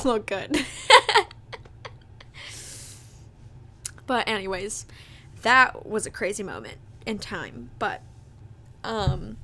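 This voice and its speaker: Young woman podcast host rambling casually, lots of "like", kinda high voice. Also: a bit bright. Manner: chatty, leans on fillers like "like" and "that type of deal". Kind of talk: casual storytelling monologue.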